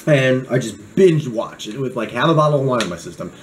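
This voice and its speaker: A man's voice: medium pitch, expressive, fairly quick, a little hiss or hum, rough recording. A young man talking casually to camera in a joking, rambling way, drifting off on tangents as he reviews a knife.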